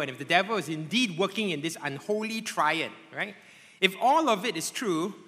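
Animated male preacher in a reverberant hall. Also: on the high side. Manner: animated preaching with frequent tag questions. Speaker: pastor. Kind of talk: sermon.

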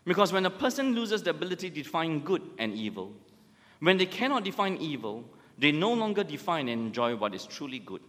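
Emphatic preacher with a lively voice. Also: male voice, brisk. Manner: emphatic, rhetorical questions, rises and drops in pitch. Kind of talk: sermon. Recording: long hall reverb.

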